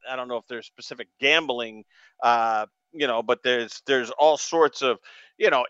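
A man from New England hosts sports radio, rambling excitably and stammering through his restarts. His voice is bright, crisp and a little high, heard on dry, slightly dull radio audio. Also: dry recording.

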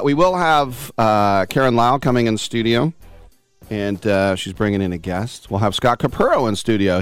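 A man hosting a live sports talk radio show, rambling and joking at his own expense with an American accent. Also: on the low side. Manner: joking, self-mocking, rambling.

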